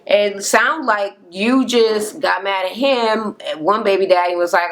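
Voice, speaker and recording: A woman's voice: medium pitch, measured pace, a bit bright. A woman giving a casual, profane rant as she recaps a reality show. She talks bluntly and keeps the story moving. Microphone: camera-mounted recording setup.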